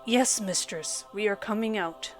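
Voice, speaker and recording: Booming giant masked mercenary, Mexican accent, formal and polite; a woman reads him, story narration. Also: unhurried, faint music behind, natural voice. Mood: commanding. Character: hulking male mercenary in wolf mask.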